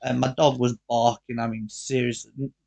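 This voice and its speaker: Male co-host, gravelly and animated, casual podcast storyteller. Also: mid-range voice, normal speed. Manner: animated, acts out quoted dialogue, swears freely.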